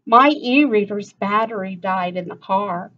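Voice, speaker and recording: A woman's voice: mid-range voice, a little slow, fairly bright tone, dull audio, a little hiss or hum, lightly acted. A woman voicing an eager, chatty young girl in a storybook reading.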